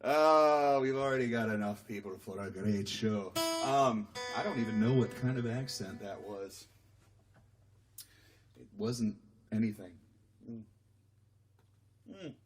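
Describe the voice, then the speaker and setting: A man's voice: fairly low pitch, unhurried, pauses often. Guy on a home live stream rambling to chat between songs, kinda self-deprecating, guitar strumming behind him. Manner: rambling, self-deprecating, reads viewer comments aloud. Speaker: singer-songwriter hosting a live stream. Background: acoustic guitar playing.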